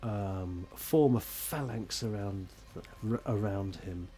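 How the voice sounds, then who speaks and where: A man running a tabletop role-playing game as game master, narrating scenes in a rambling, animated, self-mocking way. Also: lowish voice, slow pace, breathy edge.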